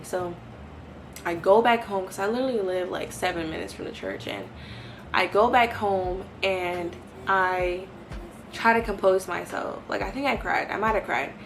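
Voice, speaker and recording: A woman in her early twenties giving an animated personal testimony and talking straight to her viewers. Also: medium pitch, moderate pace, a little hiss or hum. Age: early 20s. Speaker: vlogger sharing a faith testimony.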